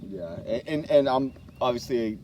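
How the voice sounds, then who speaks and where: A man talks outdoors in a loose, joking way, trailing off and restarting his sentences. His voice sits at an ordinary middle pitch, with a faint outdoor hiss behind him. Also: expressive, moderate pace. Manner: rambling, joking, hesitant restarts. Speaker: co-host of a gardening vlog. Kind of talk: casual joking chat.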